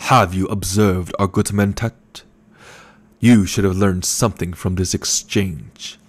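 A man voicing a gluttonous, scheming older male baron who speaks slowly and condescendingly. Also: low-pitched, fairly even intonation. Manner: slow, menacing and condescending.

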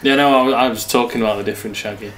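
A man's voice: medium pitch, steady tone, racing, a bit bright, slight background noise, poor audio. A man co-hosting a let's-play video, swearing and joking in casual banter. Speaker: gaming channel co-host.

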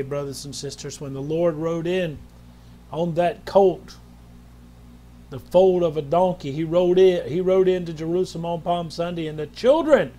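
High-pitched male preacher, fervent and exclamatory, recorded with background music. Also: dark tone. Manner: fervent, interjects hallelujahs. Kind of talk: sermon.

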